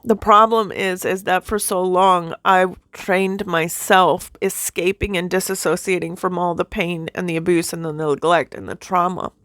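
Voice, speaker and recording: A woman's voice: fairly low pitch, fairly even intonation, normal speed, few pauses, a bit bright, dry recording, studio quality. A middle-aged woman leading a ministry, giving an emotional, confessional spiritual testimony and relaying what she hears God say. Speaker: ministry leader.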